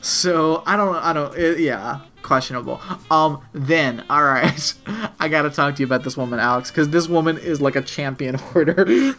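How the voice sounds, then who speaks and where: A podcast co-host chatting casually, voice pitched in the middle range. The talk rambles on, crude and full of "like", while faint music plays behind. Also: moderate pace, fairly bright tone. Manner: rambling and profane, heavy use of "like". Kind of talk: casual chat, retelling a TV episode.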